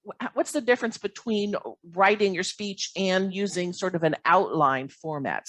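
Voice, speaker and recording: A woman's voice: on the low side, fairly bright tone, dry recording. A woman moderating a Q&A, asking questions in a friendly, conversational way over a video call. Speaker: interviewer, Q&A moderator. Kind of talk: hosted Q&A.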